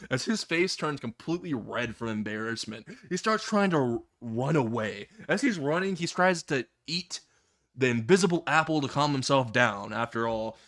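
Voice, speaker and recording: Laughing, swearing male storyteller, higher voice. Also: fairly bright tone. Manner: laughing often, swearing freely. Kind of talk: casual comedic story narration.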